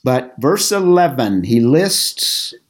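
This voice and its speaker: A man's voice: mid-range voice, big pitch swings. Man teaching a Bible study class. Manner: measured, explanatory, with halting restarts.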